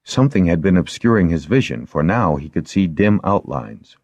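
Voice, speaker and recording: Deep-voiced male audiobook narrator. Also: big pitch swings, normal speed, darkish tone, no echo, muffled recording. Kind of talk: scripted narration.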